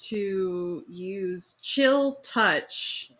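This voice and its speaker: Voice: medium pitch, fairly bright tone. A player in a tabletop game asking about range and explaining a spell in a hesitant way. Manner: slow, hesitant, many fillers.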